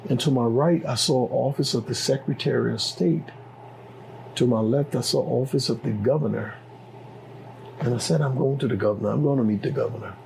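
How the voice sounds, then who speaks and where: A man's voice: medium pitch, gravelly, darkish tone, slight background noise, low-quality recording. A middle-aged man with a Liberian accent telling his story as an interview guest, acting out the dialogue with animation. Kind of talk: personal storytelling.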